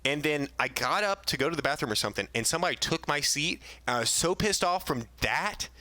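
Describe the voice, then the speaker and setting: A man's voice: fairly high pitch, animated, fairly quick, bright, forceful tone, dry recording. Young male co-host, casual storyteller with a punchy tone who curses and laughs a lot. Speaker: podcast co-host. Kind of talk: casual chat.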